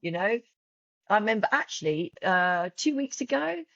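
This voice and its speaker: Appearing as a guest on a podcast, this journal creator talks with real feeling, frequently starting over and repeating words in a casual, emotional interview. Her medium pitch is animated, with vocal fry and a fairly bright tone at a moderate pace. There's no echo, but the high frequencies are cut off.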